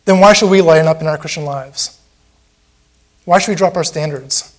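A man's voice: a little high, moderate pace. A man preaching a sermon in a church, impassioned and repetitive, acting out the mocking voices of a crowd.

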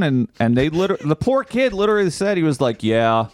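A man co-hosting a casual podcast, telling a profane, angry story about a store trip and shouting out his frustration. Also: a little high, animated, fairly quick, no room sound, studio quality. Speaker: podcast co-host. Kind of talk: casual chat.

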